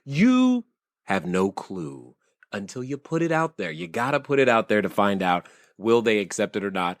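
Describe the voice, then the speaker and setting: A man's voice: lowish voice, big pitch swings, normal speed, no room sound, clean studio sound. A man hosting a podcast interview, laughing often and restarting his sentences as he talks. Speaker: podcast host. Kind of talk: casual interview chat.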